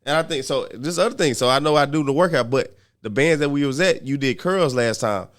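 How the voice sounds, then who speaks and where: A man talking quickly in a loose, casual podcast chat. He tells a story with plenty of swearing and acts out what people said. His pitch sits in the middle for a man. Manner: animated retelling with heavy profanity, acts out quotes. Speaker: podcast co-host.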